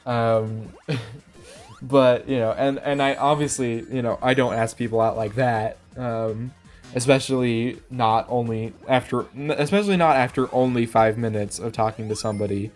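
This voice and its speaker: A man's voice: medium pitch, steady tone, moderate pace, soft background music. A young man telling a casual personal story, rambling, laughing often and stumbling over his words. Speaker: vlogger.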